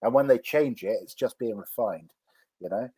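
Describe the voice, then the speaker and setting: A man chatting casually as a co-host or guest, relaxed, his phrases often trailing off softly. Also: mid-range voice, moderate pace, husky, no echo. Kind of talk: casual live-stream chat.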